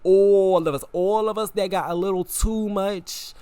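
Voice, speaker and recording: A young man hosting a podcast, talking in a casual, animated, repetitive way with frequent laughter. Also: high voice, measured pace, smooth, no room sound. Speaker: podcast host. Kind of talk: casual opinion monologue.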